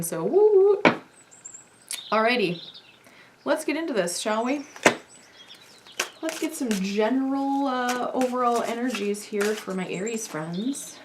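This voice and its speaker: Woman tarot reader, casual and sassy, at home, with clear background noise. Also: medium pitch. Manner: chatty, sassy and swearing.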